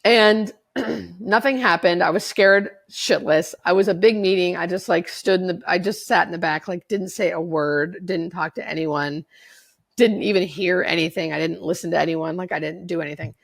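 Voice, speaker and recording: A woman's voice: fairly low pitch, normal speed, vocal fry. A woman in her forties, a podcast guest, telling her own story candidly, swearing freely and acting out what others said. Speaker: podcast guest, hospice nurse.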